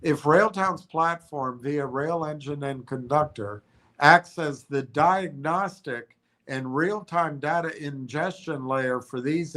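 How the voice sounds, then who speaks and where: A man with a stuffy, congested voice hosts a casual stock livestream. He talks slowly and haltingly, often restarting and correcting himself as he reads his notes aloud. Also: a little high, a bit bright. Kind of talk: casual stream commentary, reading notes aloud.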